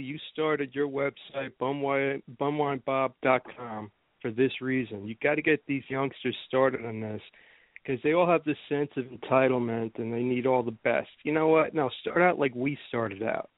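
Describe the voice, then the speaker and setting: A man's voice: mid-range voice, fairly even intonation, moderate pace, no room sound. Podcast host, male, casual storyteller, phone-quality dry sound. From New Jersey. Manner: rambling storyteller, laughs often. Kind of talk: casual chat.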